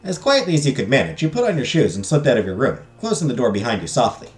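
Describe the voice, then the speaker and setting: A man's voice: medium pitch, very animated, fast, faint music behind. A man streaming a visual novel, reading the story text aloud and dropping crude joking asides. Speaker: game streamer. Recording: echoey room.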